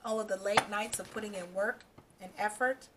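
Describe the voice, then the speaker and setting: A woman's voice: mid-range voice, fairly even intonation, moderate pace, very noisy. A woman doing a casual tarot reading for her channel, talking straight to the viewer and reassuring them, often checking in with "okay" and "all right". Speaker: tarot reader.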